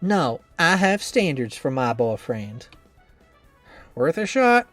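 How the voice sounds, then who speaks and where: A man's voice: on the high side, big pitch swings, slow, a bit bright, faint music behind, heavily acted. A man voicing a cheerful young woman trainer who is anxious about her cooking, reading a visual novel game in an earnest, rambling, self-doubting way.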